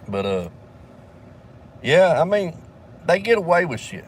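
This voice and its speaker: A man's voice: on the high side, very animated, a little slow, a little hiss or hum. A man from Alabama with a Southern accent, telling a long story in a casual vlog, swearing heavily and rambling with fillers, recorded in a vehicle.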